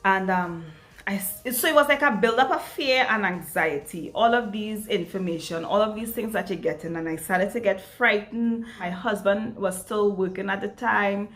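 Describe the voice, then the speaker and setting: A woman's voice: mid-range voice, normal speed, a bit bright. A young adult woman from Trinidad, telling a story in a chatty vlog, emphatic and full of repeats. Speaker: vlogger. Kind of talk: get-ready-with-me chat vlog.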